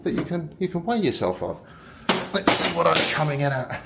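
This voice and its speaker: A man's voice: fairly high pitch, very animated, normal speed, creaky, roomy sound, very noisy. Chatty self-mocking British man. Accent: British English. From United Kingdom. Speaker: vlogger. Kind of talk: casual vlog tour. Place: hotel room, indoors.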